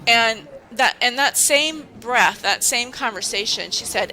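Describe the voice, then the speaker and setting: A woman venting in a casual vlog, emphatic and indignant, full of restarts and asides. Her voice is bright and tense, with a medium pitch. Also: unhurried, rough recording. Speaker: university staff member.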